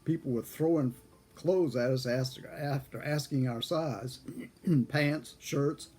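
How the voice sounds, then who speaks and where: An older man, a former airman, telling a story from his own past in a casual, folksy way, chuckling and clearing his throat now and then. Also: mid-range voice, slow, a little mellow. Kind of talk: casual spoken memoir storytelling.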